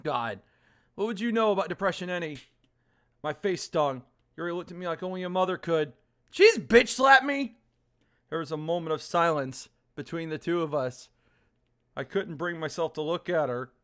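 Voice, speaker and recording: A woman's voice: low voice, normal speed. A woman streamer playing a visual novel live, reading its text aloud and ranting in exasperation about its grammar, often swearing. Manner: reads game text aloud in a flat voice. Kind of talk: live-streamed game playthrough with commentary.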